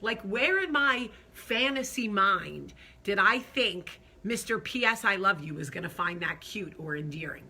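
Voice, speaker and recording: A woman host telling a funny story in an animated, self-deprecating way, acting out the quotes. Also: mid-range voice, unhurried, few pauses, breathy edge. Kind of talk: comic storytelling.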